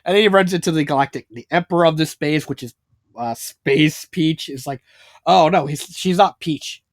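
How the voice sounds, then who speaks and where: Rambling man with a slightly high voice. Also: normal speed, dry recording, clean studio sound. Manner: rambling, filler-heavy, swearing, laughs a lot. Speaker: fanfiction reviewer. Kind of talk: casual spoken review.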